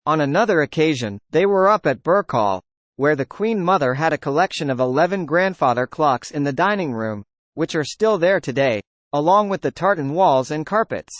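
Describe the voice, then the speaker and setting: A man's voice: on the high side, animated, normal speed, no echo. A man narrating a documentary, telling a first-person anecdote and voicing the quoted dialogue in it. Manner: storytelling that voices quoted dialogue.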